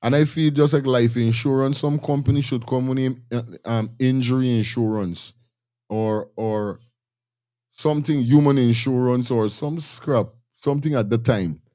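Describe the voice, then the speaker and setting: A man's voice: medium pitch, unhurried, mellow. A man with a Guyanese accent hosting a casual commentary, talking bluntly and restarting his sentences often. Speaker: host.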